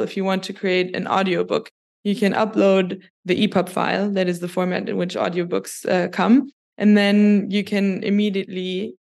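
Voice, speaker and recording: A woman, a podcast guest, explaining things in a measured way with many small restarts. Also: mid-range voice, vocal fry. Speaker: guest, company chief of staff. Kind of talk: podcast interview.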